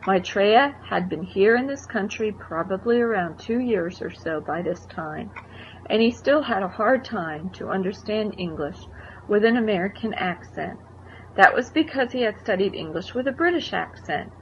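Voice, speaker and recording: A woman narrates a life story in a conversational way, stopping to explain things to the listener. The recording is dull and lo-fi, with a faint hiss underneath. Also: mid-range voice.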